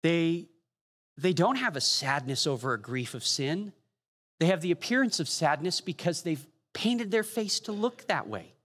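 Animated preacher in a reverberant hall. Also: male voice, a little high, husky. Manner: animated storytelling with quick asides and humor. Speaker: pastor. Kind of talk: sermon.

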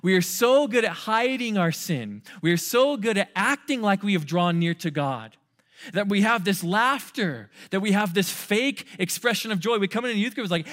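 Young male youth pastor, higher voice, urgent and conversational with playful asides. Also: animated, moderate pace, a bit bright. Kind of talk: sermon.

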